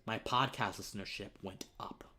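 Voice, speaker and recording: A man's voice: lowish voice, moderate pace, sharp tone. A young man hosting his own livestream, telling a personal story in an earnest way. He gets choked up and tearful, and his voice drops to near whispers. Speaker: livestream host.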